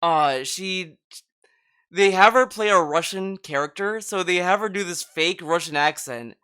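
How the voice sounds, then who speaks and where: A man's voice: sits high, a little slow, bright, forceful tone, clear, resonant tone. A man co-hosting a podcast, chatting casually in a rambling way, full of fillers and restarts. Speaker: podcast co-host. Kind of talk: casual chat.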